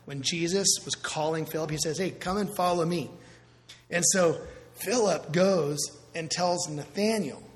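Pastor, male, lively conversational sermon delivery; voice a touch high, church-hall reverb. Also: unhurried. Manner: conversational, animated preaching with asides.

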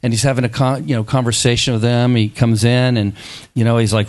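A middle-aged man delivers a sermon with playful energy. His voice sits at a middle pitch, and he slips into quick character voices to act out the scenes he is retelling. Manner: animated, acts out biblical dialogue in playful voices. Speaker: preacher.

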